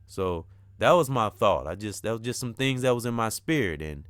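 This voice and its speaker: A man's voice: lowish voice, expressive, moderate pace, fairly bright tone, smooth, dry recording, clean studio sound. A middle-aged man hosting a casual spiritual talk, speaking earnestly with a repetitive, preacher-like cadence. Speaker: host of a spiritual talk channel.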